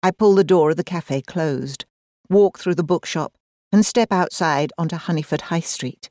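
A woman's voice: deep voice, moderate pace, darkish tone, no echo, studio quality. A woman, reading a first-person audiobook in a wry, self-deprecating, conversational manner. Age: 40s. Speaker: audiobook narrator.

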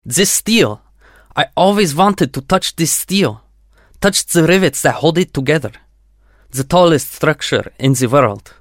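A fervent émigré engineer with a thick Russian accent, as a storyteller puts him on, his voice lifted noticeably higher and with a different timbre from the narration. He speaks earnestly and with deep feeling. The recording is dry and close. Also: lively intonation, a little slow, no room sound. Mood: awed. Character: Russian émigré structural engineer, older man, earnest and emotional.

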